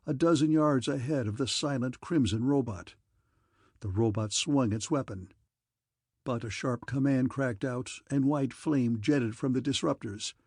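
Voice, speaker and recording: Gravelly man narrating an audiobook. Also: mid-range voice, darkish tone, no echo, studio quality. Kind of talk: scripted narration.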